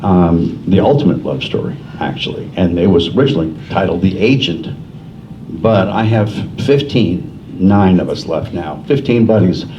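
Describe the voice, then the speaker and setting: A man's voice: low-pitched, lively intonation, normal speed. An older man from New Jersey, an author at a library forum, telling rambling, self-deprecating stories in casual talk. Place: library meeting room. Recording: distant, muffled room recording with faint hiss.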